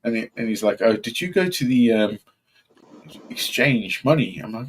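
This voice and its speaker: A man's voice: medium pitch, normal speed, slight background noise. A man, telling a story in a casual chat and acting out the voices of the people in it. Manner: animated storyteller, acts out voices.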